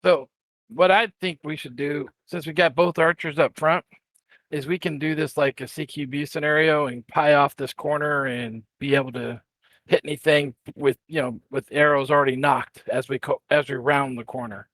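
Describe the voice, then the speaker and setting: Male tabletop player, fairly high voice, dry close sound, talks through tactics. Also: steady tone, normal speed, fairly bright tone, no echo. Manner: lays out tactical plans. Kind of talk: casual tabletop game chat.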